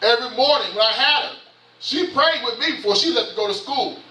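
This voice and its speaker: A man's voice: extremely high pitch, lively intonation, a little fast, sharp tone. Southern bishop in his 50s preaching hard, tons of questions, echoey church, far off. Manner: impassioned, repetitive preaching with rhetorical questions. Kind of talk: sermon. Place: church sanctuary.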